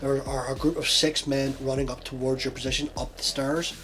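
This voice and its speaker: Man storyteller, mid-pitch, descriptive game narration. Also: flat delivery, brisk, fairly bright tone, soft background music. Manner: descriptive, questioning players.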